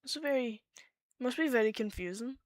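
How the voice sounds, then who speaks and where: A woman's voice: fairly high pitch, moderate pace, no echo, clean studio sound. A woman with a Scottish accent chatting casually on a voice call, explaining her points with fillers and restarts. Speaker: streamer.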